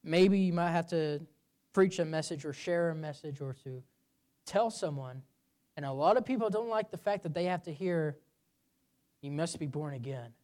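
Emphatic preacher man. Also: normal speed. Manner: builds to loud emphatic peaks, then drops low. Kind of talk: sermon.

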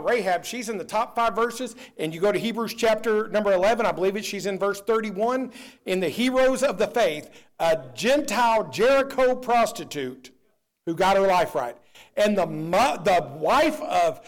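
A man preaching a sermon, swinging between loud declarations and low, quiet asides.

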